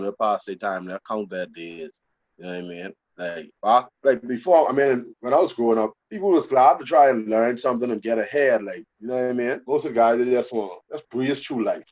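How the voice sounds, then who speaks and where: A Bahamian man in his thirties, a guest in a casual interview, speaking in a relaxed, conversational way. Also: fairly low pitch, lo-fi sound. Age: 30s. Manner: relaxed, conversational, says "you know what I mean" often.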